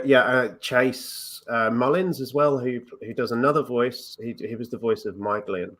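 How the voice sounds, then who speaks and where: A man's voice: on the low side, fairly bright tone. A man chatting as a podcast guest, hesitant with many ums, laughing easily. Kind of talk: casual chat.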